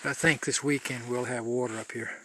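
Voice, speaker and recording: A man's voice: mid-range voice, steady tone, fairly quick, fairly bright tone. A man guiding viewers along a mountain trail as he walks, filming handheld in a chatty, loose way, restarting his phrases as he goes. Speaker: hiker scouting a trail. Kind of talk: casual walking commentary to camera.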